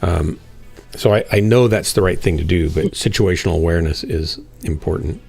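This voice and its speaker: A man's voice: low voice, moderate pace, creaky, a little mellow, slightly rough, faint music behind. A man hosting a live game stream, chatting casually and self-deprecatingly with viewers while he plays.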